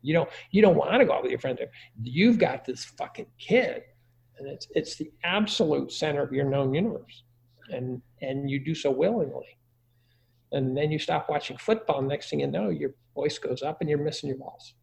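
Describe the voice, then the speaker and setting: Crude joking middle-aged man, gravelly. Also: on the high side, normal speed, a little mellow, a little hiss or hum. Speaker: guest giving parenting advice. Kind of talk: casual conversation.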